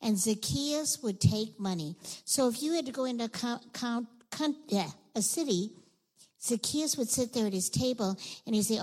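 A woman leading a children's sermon, telling a Bible story in an animated way and asking the kids questions. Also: on the high side, moderate pace, poor audio.

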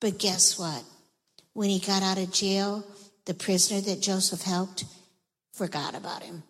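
A woman teaching children, telling a Bible story in a lively, expressive way and talking straight to the kids. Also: medium pitch, measured pace, long pauses. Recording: echoey hall reverb.

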